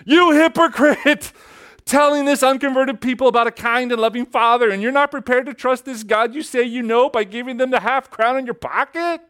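A man's voice: very high-pitched, moderate pace, a bit bright, smooth, voice pushed up. A man voicing a stern, accusing inner voice of conscience that thunders a rebuke.

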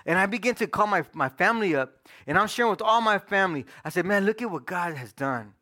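A middle-aged man preaching a personal testimony in casual, slang-filled storytelling that swings between loud and hushed. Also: sits high, lively intonation, fast. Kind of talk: sermon testimony.

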